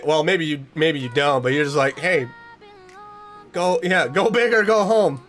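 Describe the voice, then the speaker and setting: A young man with a slightly high voice talks earnestly to his viewers, restarting sentences and getting emotional. Casual livestream chat, with faint music playing underneath. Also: expressive, moderate pace, a bit bright. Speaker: streamer.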